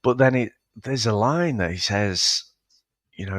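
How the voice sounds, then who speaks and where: A man who is a parent co-hosting a casual film-review podcast, musing out loud with hesitant asides and laughs. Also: on the low side, lively intonation, unhurried, no echo. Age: adult, a parent. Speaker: podcast co-host.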